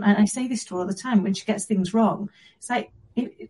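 Woman, interview guest, mellow voice, slightly husky, earnest, reflective. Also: mid-range voice, rough recording. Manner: earnest and reflective, with soft pauses. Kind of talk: personal story in an interview.

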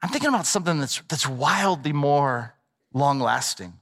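A middle-aged male pastor preaching a sermon in a lively, conversational way with playful asides. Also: fairly high pitch, moderate pace. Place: large church hall. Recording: long reverb of a large hall.

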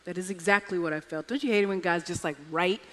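A woman's voice: fairly low pitch, fast talker. A woman preaching a sermon, telling a personal story with wry humor. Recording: echoey hall reverb.

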